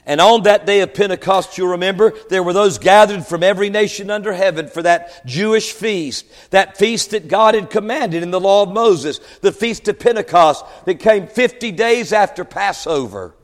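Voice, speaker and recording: A man preaching a sermon, swinging from shouted peaks to low quiet asides and stumbling over words when worked up. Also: moderate pace, few pauses, big-room sound. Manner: stammers and restarts when worked up.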